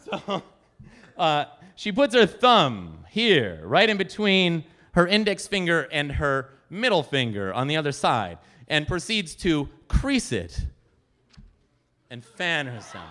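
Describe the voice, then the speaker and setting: A man telling a personal story at a live storytelling event, animated and chatting with the audience. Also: fairly high pitch, measured pace, long pauses. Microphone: handheld stage microphone.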